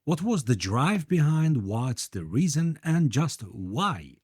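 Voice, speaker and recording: A man's voice: a little high, sing-song, slow pace, darkish tone, slightly rough, no room sound, studio quality. A man hosting an interview podcast, emphatic and repeating his points for the listeners. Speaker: podcast host. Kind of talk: interview host.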